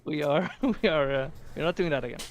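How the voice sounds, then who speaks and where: A man's voice: on the high side, brisk, a crowd in the background. Hesitant young-sounding man on a panel. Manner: hesitant, laughing asides. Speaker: stream panelist. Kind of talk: casual live chat.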